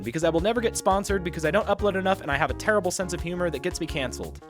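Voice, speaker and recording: Animated man telling a jokey story. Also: sits high, very fast, few pauses, soft background music. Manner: animated, self-deprecating, jokey. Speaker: vlogger. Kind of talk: casual storytelling to camera.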